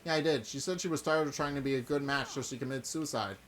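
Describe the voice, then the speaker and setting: A man voicing a quiet, secretive young female student from a game. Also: medium pitch, fast talker, a little hiss or hum, natural voice. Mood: subdued.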